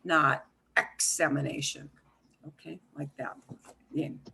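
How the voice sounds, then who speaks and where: A woman's voice: medium pitch, expressive, takes it slowly, bright, forceful tone. A woman teaching a beginners' Spanish class over a video call, explaining patiently with repeats and fillers. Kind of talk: online class instruction.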